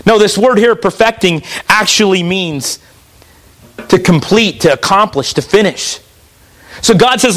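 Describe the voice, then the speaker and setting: A man's voice: high-pitched, a little slow, a bit bright. A man preaching a sermon, reading scripture passages aloud with emphasis.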